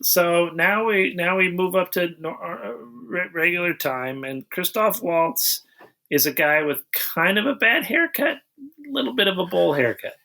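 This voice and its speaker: A man's voice: high-pitched, measured pace, creaky, sharp tone. A man co-hosting a podcast, recapping a movie plot in a dry, dismissive way. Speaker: podcast co-host. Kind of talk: casual chat.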